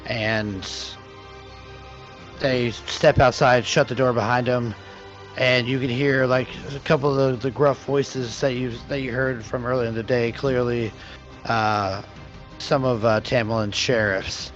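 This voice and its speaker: A man runs a tabletop game as game master, narrating in a rambling way full of restarts. His voice is medium in pitch. The audio is dull and lo-fi. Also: steady tone, slow pace, fairly bright tone, faint music behind. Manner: rambling, many fillers and restarts.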